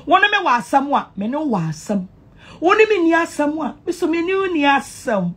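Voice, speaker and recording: High-voiced, mocking Ghanaian woman. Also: very animated, normal speed. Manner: mocking, repetitive and sing-song, with loud outbursts. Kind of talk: taunting monologue to camera.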